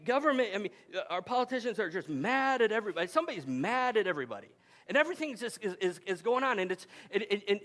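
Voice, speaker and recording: A man's voice: sits high, a bit bright. A man in his forties preaching a sermon at a family camp, telling stories in a conversational way with frequent restarts. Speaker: pastor. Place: camp meeting hall.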